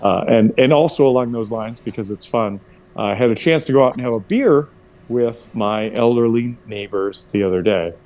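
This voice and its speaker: A young man casually telling a profane, animated story to friends, jumping into high voices for quotes. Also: normal speed. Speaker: player chatting before a tabletop game session.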